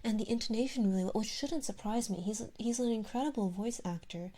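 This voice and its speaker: Breathy whispering young woman streamer. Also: a little high, fast talker, dark tone. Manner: rambling and self-deprecating, with many restarts. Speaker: streamer and ASMR artist. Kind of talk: whispered ASMR stream chat.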